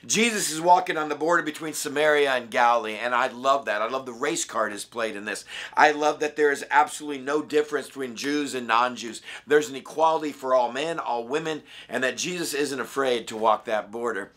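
A pastor with a raspy voice talks through a short devotional in an earnest, conversational way. His tone is bright and forward. He reads scripture with emphasis. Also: mid-range voice, brisk, few pauses. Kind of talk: daily devotional Bible study.

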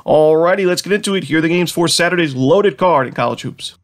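A man with a cold and a nasal voice, hosting a quick sports betting picks rundown in a confident, stat-heavy way with many fillers. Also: on the high side. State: has a cold. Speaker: sports betting analyst host.

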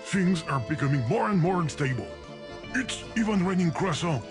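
Video game figure: a nervous talking game with accented English, high and bouncy. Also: male voice, lively intonation, moderate pace. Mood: anxious. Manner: anxious, pleading. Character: fretful male talking game program. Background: game music.

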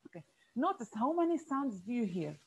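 A woman's voice: on the high side, very animated, fairly quick, a little mellow, slightly rough, low-quality recording. A woman teaching an online phonics lesson, patiently repeating key words with frequent fillers.

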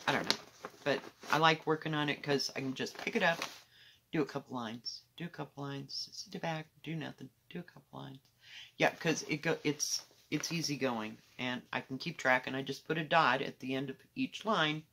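A woman casually showing her cross-stitch projects at home, rambling candidly with soft muttered asides. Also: very deep voice, normal speed, vocal fry, a little hiss or hum. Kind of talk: casual show-and-tell chat.

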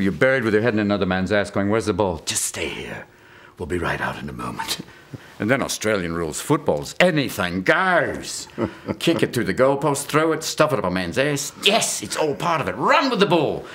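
A middle-aged actor and comedian in an interview, riffing rapid-fire with sudden voices and whispers. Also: male voice, on the low side, very animated, a bit bright. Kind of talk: interview with comic riffs.

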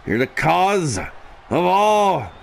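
Gravelly, high-pitched man shouting melodramatically. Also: sing-song, drawn-out words, a little hiss or hum. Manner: shouty, melodramatic trash talk. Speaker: gameplay commentator. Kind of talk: let's play commentary.

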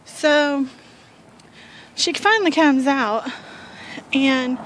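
A woman's voice: high-pitched, very slow, slight background noise. A woman vlogging on her porch, telling a story in a chatty, rambling way with fillers and sighs. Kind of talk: casual storytelling vlog. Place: home porch, outdoors.

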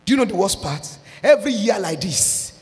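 A Nigerian woman pastor preaching a sermon, breaking into shouted and sung outbursts. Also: medium pitch, lively intonation, fairly quick, big-room sound.

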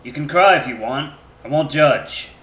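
A man voicing a gentle white tiger man. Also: on the high side, moderate pace, roomy sound, lightly acted.

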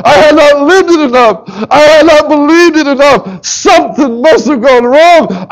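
In a church sanctuary, a middle-aged male pastor preaches an impassioned sermon, near tears, alternating between a soft, low voice and loud, urgent pleas. The recording is low quality.

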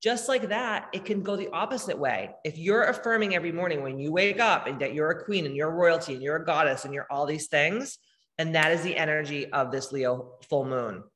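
A woman's voice: low-pitched, brisk, fairly bright tone, big-room sound. A woman spiritual healer hosting a live meditation, talking casually and bluntly with lots of swearing as she reads chat comments. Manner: blunt, profane, emphatic.

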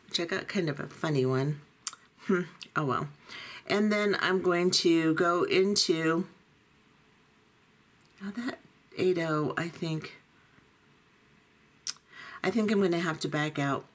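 Lady w a low voice explaining beading steps, calm and steady. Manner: calm, methodical, talks through each step. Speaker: beading instructor. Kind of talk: step-by-step tutorial.

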